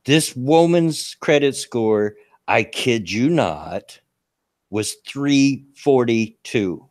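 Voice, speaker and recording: A man's voice: medium pitch, expressive, extremely slow, dry recording, clean studio sound. A man hosting a casual talk show, telling a story with frequent chuckles and restarts. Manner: chatty, laughs through his own story, frequent restarts.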